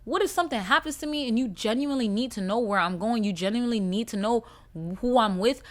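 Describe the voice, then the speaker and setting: A woman hosts a casual story-time podcast. Her voice sits a little high, and she tells the story bluntly and profanely. Now and then she jumps into loud, animated outbursts. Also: fast talker. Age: 20s. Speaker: podcast host.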